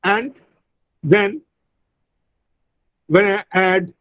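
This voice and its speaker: High-voiced man teaching online. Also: no echo. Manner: explains slowly, repeats example words. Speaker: English teacher. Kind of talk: online class lecture. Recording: dull, dry lo-fi call audio.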